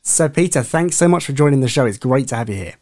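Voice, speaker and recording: A man's voice: mid-range voice, lively intonation, fast talker, darkish tone, faint music behind. A man hosting a podcast, giving a polished introduction and asking questions. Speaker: podcast host. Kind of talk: scripted introduction and interview questions.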